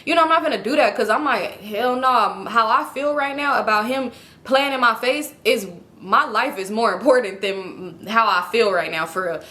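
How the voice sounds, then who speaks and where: A woman with a bright, slightly high voice recounts a personal story for her vlog. She talks casually and candidly, with plenty of swearing and animated asides to her viewers. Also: normal speed. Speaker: vlogger.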